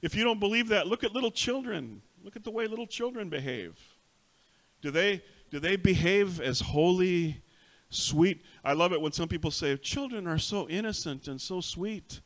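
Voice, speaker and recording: A middle-aged pastor preaching a sermon in a church, switching languages and telling stories with animated acted-out voices. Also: sits high, moderate pace. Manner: animated storytelling, acts out voices. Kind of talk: bilingual sermon, self-translating. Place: church sanctuary.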